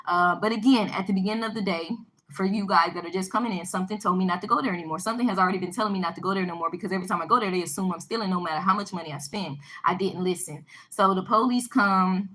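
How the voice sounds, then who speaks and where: A woman telling a personal story to her viewers in a casual vlog, animated and emphatic, often repeating herself. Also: mid-range voice, very fast, rough recording. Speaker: vlogger addressing her viewers.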